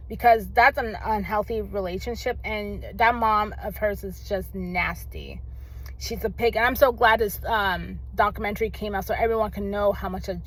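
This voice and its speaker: A woman's voice: mid-range voice, a bit bright, rough recording. A young woman in a casual vlog, heatedly ranting about a documentary, swearing often and speaking with emphatic outbursts. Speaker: vlogger reacting to a documentary. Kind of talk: casual angry rant.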